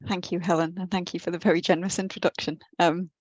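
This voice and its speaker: Woman, guest lecturer, low voice, dry close sound, earnest academic lecture, small restarts. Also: flat delivery, fast, a little mellow, dry recording, lo-fi sound. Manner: earnest, slightly self-deprecating, with restarts. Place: her office at home or work, on a computer.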